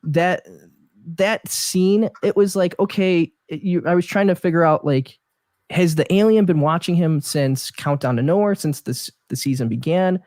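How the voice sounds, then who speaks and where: A man talks with a fairly high voice in a dry, close recording. He chats casually on a podcast, raising questions and laughing often. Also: normal speed, a little mellow, dry recording. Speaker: podcast co-host. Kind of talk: casual chat.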